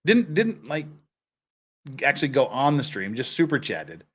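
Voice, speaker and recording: A man's voice: medium pitch, normal speed, breathy edge. A man hosting a casual livestream, chatting and telling stories with lots of laughter. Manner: laughing, animated storyteller. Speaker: livestream host.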